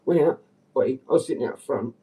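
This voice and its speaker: A man rambling on a casual livestream, agitated and swearing, dropping to mutters and then jumping up in pitch. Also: brisk, dark tone. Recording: distant from the mic.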